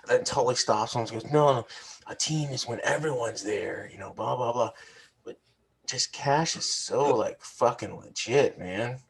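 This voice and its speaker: A man's voice: medium pitch, moderate pace, creaky. A man co-hosting a podcast, arguing his wrestling opinions in a casual chat and repeating his points insistently. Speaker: podcast co-host.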